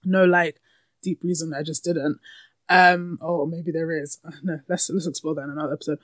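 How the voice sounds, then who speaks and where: A woman's voice: sits low, fairly even intonation, fairly quick, no room sound. Candid woman podcasting from home. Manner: candid and chatty, often laughing. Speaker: podcast host. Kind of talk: casual solo podcast chat. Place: room at home with window open. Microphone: podcast microphone, close.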